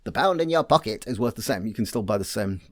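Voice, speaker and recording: A man's voice: fairly low pitch, animated, fast, dry recording, clean studio sound. A man co-hosting a chat podcast, explaining from his research in a wry, casual way. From Britain. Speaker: podcast co-host.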